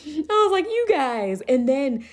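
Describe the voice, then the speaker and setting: A woman in her thirties, a podcast host and teacher, telling stories in a casual chat, animated and often laughing. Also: measured pace. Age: 30s. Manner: animated, laughs often, raises pitch to quote kids.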